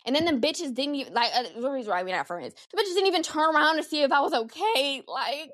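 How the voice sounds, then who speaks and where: Animated, slangy young woman podcaster. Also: on the high side, fast, no echo, studio quality. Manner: animated, swearing freely, slangy. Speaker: podcast host. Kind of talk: casual solo podcast chat.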